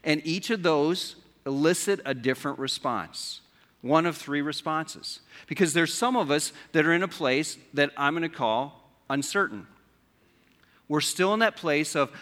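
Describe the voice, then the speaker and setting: A man's voice: fairly high pitch, animated, a little slow, fairly bright tone. A man preaching a sermon as pastor, conversational, asking his listeners rhetorical questions. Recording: long hall reverb.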